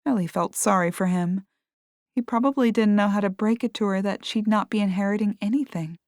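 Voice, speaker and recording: A woman narrating a cozy mystery audiobook in a steady, clear storytelling voice. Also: medium pitch, brisk, dry recording, studio quality. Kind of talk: scripted narration.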